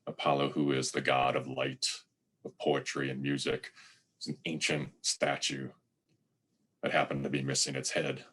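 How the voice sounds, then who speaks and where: A man delivering a sermon in a measured, reflective way, slowly reading poetry aloud. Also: very deep voice, a bit bright. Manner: measured, reflective, reads verse slowly and deliberately. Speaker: lay preacher giving a sermon.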